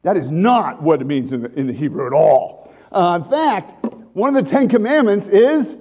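A man's voice: high voice, animated, normal speed, a little mellow. A man preaching a conversational sermon to a congregation, with asides and restarts. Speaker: pastor.

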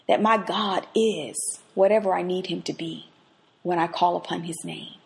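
A woman hosting a faith podcast, who moves between quiet reflection and lively personal stories as she teaches. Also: on the low side, normal speed, vocal fry. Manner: expressive, swings from hushed reflection to lively anecdote. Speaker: podcast host and Bible teacher. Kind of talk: devotional teaching with personal storytelling.

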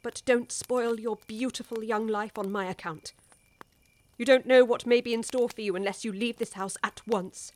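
In a radio drama, an English-accented actress plays a worldly older woman urgently imploring a young wife. Her voice sits slightly high with a steady tone and normal speed, a little mellow and close to everyday speech.

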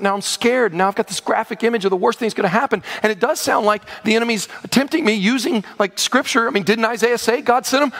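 A man preaching a sermon, animated, swinging from loud exclamations down to hushed low passages. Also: fast talker, long reverb tail. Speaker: pastor.

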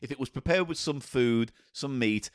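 A man co-hosting a comedy podcast, wry and animated, riffing playfully on the food. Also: medium pitch, normal speed. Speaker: podcast co-host. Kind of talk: casual comedy chat while tasting sauces.

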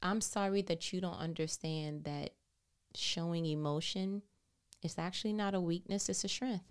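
A woman's voice: fairly low pitch, moderate pace, smooth. A woman hosting a faith-based motivational talk, earnest and encouraging, asking rhetorical questions. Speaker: host.

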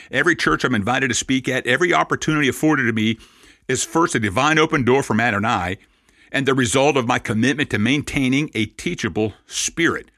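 A man in his sixties, a Messianic rabbi, preaching a sermon through lively anecdotes and dry self-mocking asides. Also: medium pitch, no echo.

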